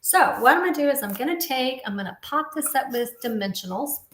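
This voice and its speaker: A woman's voice: high voice, animated, brisk, fairly bright tone, echoey room. Chatty woman demonstrating crafts. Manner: chatty, explains step by step while working. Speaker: papercraft instructor.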